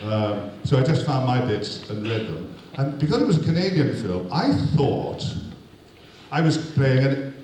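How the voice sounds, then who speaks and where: A man's voice: medium pitch, expressive, a little slow, a little mellow. A man, an actor, telling a rambling, self-deprecating comic anecdote to an audience. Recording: echoey hall, distant mic, noisy.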